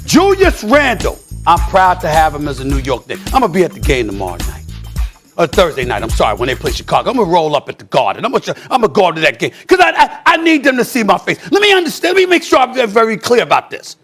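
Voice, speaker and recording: A male sports commentator in a heated studio debate, ranting emphatically and often shouting. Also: high-pitched, wildly swooping pitch, quick pace, soft background music.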